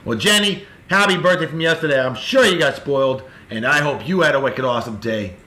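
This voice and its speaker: A man, hosting a casual daily video and giving effusive, upbeat birthday shout-outs straight to friends. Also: medium pitch, brisk. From Martha's Vineyard, Massachusetts. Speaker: host of a daily beer video. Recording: echoey room.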